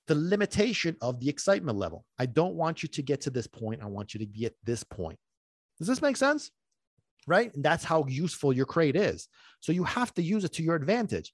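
A man's voice: fairly high pitch, big pitch swings, normal speed, no echo, clean studio sound. A man hosting a dog-training podcast in a casual, chatty monologue, full of rhetorical questions and asides.

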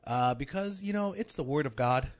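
Man with a lively, teasing voice. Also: mid-range voice, moderate pace. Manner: dry teasing. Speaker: podcast co-host. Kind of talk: casual banter.

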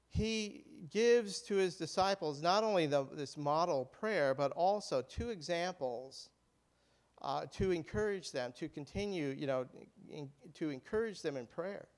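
Male pastor, slightly raised pitch; relaxed conversational sermon, many ums and restarts. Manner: conversational, with frequent fillers and restarts.

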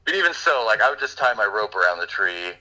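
A man's voice: lowish voice, quick pace, low-quality recording. A man co-hosting a podcast, casually retelling a movie plot with lots of fillers. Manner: rambling, animated retelling with fillers. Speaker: podcast co-host reviewing a movie. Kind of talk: casual chat.

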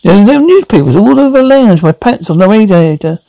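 A woman's voice: mid-range voice, lively intonation, a little fast, mellow, dry recording, lightly acted, low-quality recording. An actress playing a house-proud, doting mother in a sitcom, chattering in a fluster. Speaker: fussing mother.

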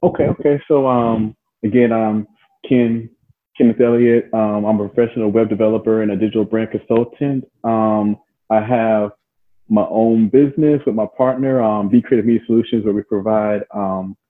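A man's voice: on the low side, steady tone, moderate pace, phone-quality sound. A man in his forties, a web developer guest on a podcast, talking in an easygoing way with laughs and frequent ums. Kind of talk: casual interview chat.

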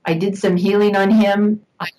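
A woman's voice: medium pitch, level tone, normal speed, dark tone, poor audio. An older woman, a guest on an interview show, reminiscing at length with an occasional laugh. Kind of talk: interview storytelling.

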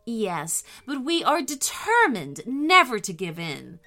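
A woman's voice: fairly high pitch, wildly swooping pitch, slow, pushed and bright, soft background music, heavily acted. A woman voicing a tired but determined female snow witch in a storybook reading, her voice raised and earnest.

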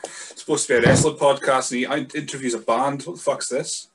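A man's voice: medium pitch, steady tone, fast, breathy edge. A man with a mild Scottish accent, a podcast guest chatting casually in a laid-back, rambling, sweary way. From Scotland. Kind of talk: casual chat.

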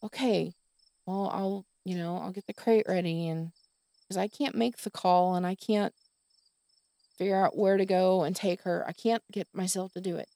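Tired woman ranting + cursing on her podcast, mellow voice, dry close sound. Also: on the low side, fairly even intonation, moderate pace, dry recording. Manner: exasperated, swearing, tired ranting. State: exhausted. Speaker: podcast host. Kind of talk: venting monologue.

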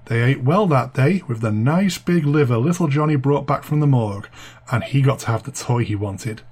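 A man's voice: mid-range voice, moderate pace, darkish tone, breathy edge. A man hosting a podcast, narrating a spooky childhood tale with a chatty, dryly amused manner. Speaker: podcast host and storyteller.

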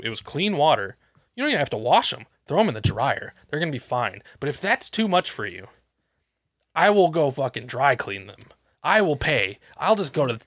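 A man's voice: medium pitch, fairly bright tone, no room sound. Man, exasperated profane rant, casual chat, dead dry sound. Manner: profane, exasperated ranting storyteller.

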